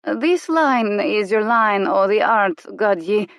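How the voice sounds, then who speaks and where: A woman voicing a shrewd middle-aged female fortune teller, speaking slowly and knowingly in a rustic dialect. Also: mid-range voice, lively intonation, dry recording, clean studio sound, voice pushed up. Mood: theatrical. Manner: slow, knowing, dialect-tinged speech.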